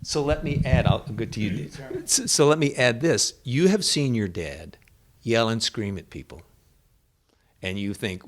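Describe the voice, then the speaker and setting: A man leading a lively spiritual group discussion, telling stories and acting out what others said. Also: medium pitch, unhurried. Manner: animated storyteller, acts out quotes. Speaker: discussion leader.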